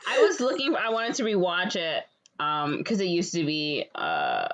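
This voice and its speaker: Young female podcast co-host, lowish voice, animated plot recap with lots of "like.". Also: moderate pace, lo-fi sound. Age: young adult. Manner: animated retelling full of "like" fillers. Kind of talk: casual chat retelling a movie plot.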